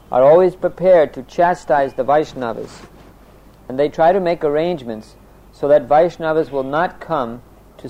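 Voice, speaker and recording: A man teaching a religious class, reading a scripture text steadily, then explaining it with pauses and fillers. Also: dark tone, low-quality recording. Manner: chants prayers in a low voice.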